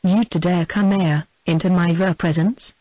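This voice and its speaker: A reader voicing a haughty, quick-tempered French-speaking general in an audiobook, giving orders with French oaths mixed in. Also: medium pitch, fairly even intonation, darkish tone, no room sound, close to an everyday voice, poor audio. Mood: imperious. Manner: imperious, mixing French oaths into speech. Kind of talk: audiobook character voice.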